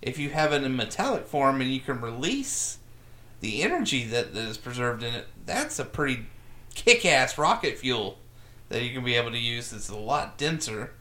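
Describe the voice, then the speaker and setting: A man co-hosting a podcast, telling a science story in a joking, animated way. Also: medium pitch, normal speed. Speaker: podcast co-host. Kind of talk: casual chat, news segment.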